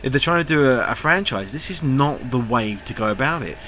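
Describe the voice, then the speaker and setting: A man's voice: mid-range voice, lively intonation, a little fast, sharp tone. Man rambling through a film review. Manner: rambling, frank critique with loose wandering sentences. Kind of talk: casual spoken film review. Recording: slightly dull recording with faint hiss.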